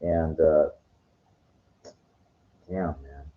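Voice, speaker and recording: A man's voice: a bass voice, steady tone, extremely slow. An older man telling a rambling, frustrated story in casual talk, swearing freely. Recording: dull lo-fi sound.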